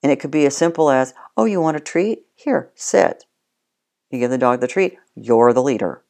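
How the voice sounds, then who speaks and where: Dog trainer talking you through it, plain and direct, lots of restarts, mid pitch. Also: darkish tone. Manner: plain-spoken, repeats and restarts, addresses the listener directly. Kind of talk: casual spoken instruction.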